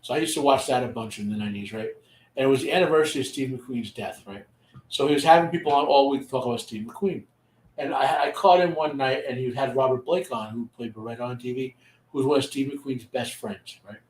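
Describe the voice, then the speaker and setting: A man's voice: medium pitch, brisk, roomy sound, low-quality recording. A man chatting as a podcast guest, telling stories in a rambling way with many restarts. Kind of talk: casual chat.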